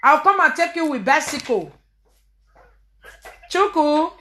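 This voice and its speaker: A woman's voice: sits high, lively intonation, slow, sharp tone, reverberant. A woman filming a casual home vlog, coaxing a crying child and laughing often. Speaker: vlogger filming her family.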